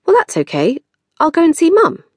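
This is a petulant, dreamy young woman, voiced by a woman narrator, whose voice jumps up high and whines. She drifts through sentences in a sing-song way, always wanting something. The sound is close and dry. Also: huge pitch swings, moderate pace, darkish tone, dry recording, exaggerated voice. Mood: wounded. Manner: whiny, sing-song and swooping.

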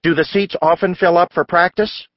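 A man's voice: fairly even intonation, moderate pace, no room sound, muffled recording, close to an everyday voice. A man voicing an anxious, fussy mother in a storybook reading. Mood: fretting. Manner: anxious, higher voice.

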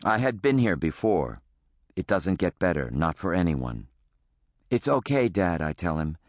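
A man reading an audiobook in the first person, with measured, reflective storytelling. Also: low-pitched, expressive, no echo, studio quality. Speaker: audiobook narrator.

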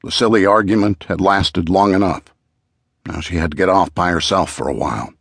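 A man narrating a true-crime audiobook in a measured, even storytelling manner, close to a studio mic. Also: low-pitched, vocal fry, slightly rough, dry recording.

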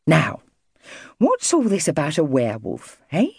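A no-nonsense mother, voiced by a woman reading aloud talks firmly yet soothingly, with a lively rise and fall. The read is dry and close to the mic. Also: low-pitched, unhurried, vocal fry, breathy edge, no echo, heavily acted. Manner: firm but soothing. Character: brisk, caring mother of five.

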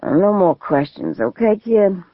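A woman's voice: mid-range voice, unhurried, no room sound. A woman voicing a drunk, suicidal middle-aged male lawyer with a mocking, drawling manner, on a tinny, phone-like recording. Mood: taunting. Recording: tinny phone-like, dry audio.

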